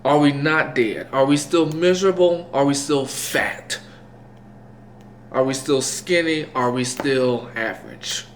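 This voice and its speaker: Slow-talking, rambling young man. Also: medium pitch, a little hiss or hum. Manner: rambling, self-mocking, loses his train of thought. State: woozy after eye dilation. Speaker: vlogger. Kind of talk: rambling casual chat to camera. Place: indoors at home, eating. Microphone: camera mic. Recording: roomy echo, faint clatter of dishes.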